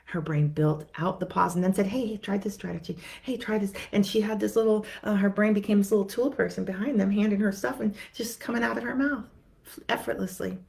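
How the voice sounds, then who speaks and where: A woman's voice: mid-range voice, fairly quick, vocal fry, darkish tone. A woman therapist giving a conversational teaching talk to viewers, repeating words and acting out what clients say.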